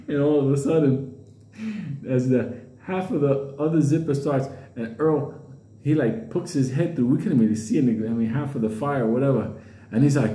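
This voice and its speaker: Animated, profane man telling a story. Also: moderate pace. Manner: profane, acts out voices with big pitch jumps. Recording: roomy echo.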